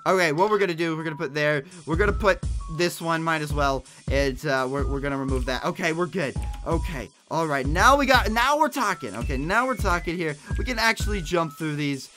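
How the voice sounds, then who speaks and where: A young man livestreaming a game, talking excitedly with many stammered restarts and frequent laughs. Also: on the high side, a little fast, hardly any pauses, soft background music. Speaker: gaming livestreamer. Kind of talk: live gameplay commentary.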